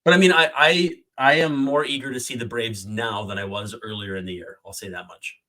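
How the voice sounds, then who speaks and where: Co-hosting a sports podcast, this man jokes and chats enthusiastically as he runs through details. His bright, forceful mid-range voice holds a steady tone at a slightly quick pace.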